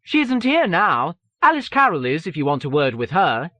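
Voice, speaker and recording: A woman's voice: low-pitched, sing-song, normal speed, bright, forceful tone, no room sound, pitched above the performer's own voice, heavily acted. A man voicing a curt young female secretary answering the phone, in an audiobook.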